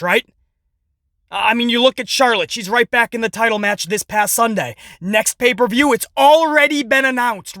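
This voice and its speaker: Bright-voiced guy ranting about wrestling, swears a lot, sarcastic, dry sound. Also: very high voice, no echo. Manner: profane, sarcastic, animated. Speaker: podcast host. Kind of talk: casual wrestling commentary.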